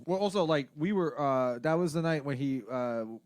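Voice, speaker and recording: Male comedian co-host, chatty, laughs a lot, slightly higher voice, dry close sound. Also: lively intonation, normal speed, clear, resonant tone, no echo. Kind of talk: casual chat.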